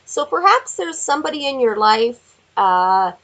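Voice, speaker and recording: Ożywiona, chropawa kobieta. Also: female voice, high voice, unhurried, poor audio. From Canada. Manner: chatty, laughing, animated asides. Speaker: tarot card reader. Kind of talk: casual tarot reading vlog. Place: home with window view.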